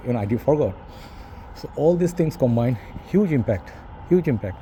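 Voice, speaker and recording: A man's voice: medium pitch, lively intonation, fast talker, dark tone, a little hiss or hum. A middle-aged man with a Bangladeshi English accent, a fragrance reviewer talking to camera in a casual, rambling monologue full of "you know" and "bro".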